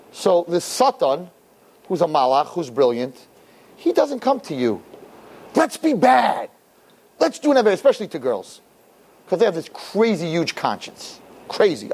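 A middle-aged man giving an animated Torah lecture to an audience, acting out quotes in funny voices. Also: breathy edge. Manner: expressive, acts out quotes with big pitch jumps. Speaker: Torah teacher.

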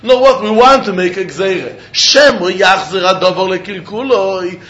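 A man teaching Talmud in a lecture, working through questions and answers in an animated sing-song study chant. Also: sits high, normal speed, hardly any pauses. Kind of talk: Talmud lecture in Yeshivish English. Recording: dull echoey room recording.

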